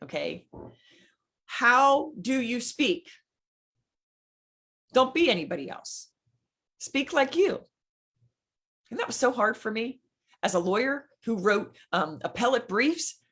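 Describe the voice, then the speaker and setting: Animated Philly woman coaching, lively pitch. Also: takes it slowly, long pauses, slightly rough. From Philadelphia, USA. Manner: animated, digressive, emphatic, talks straight to listeners. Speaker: business coach. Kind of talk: teaching a live business workshop.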